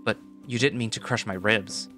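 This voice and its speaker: A man's voice: on the low side, moderate pace. A man voicing a small, bitter young male fighter with a biting, sarcastic delivery. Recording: voice over loud background music.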